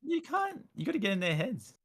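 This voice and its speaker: A young Australian man hosting a casual streamed chat, animated and jokey, laughing often. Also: sits high, brisk. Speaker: streamer host.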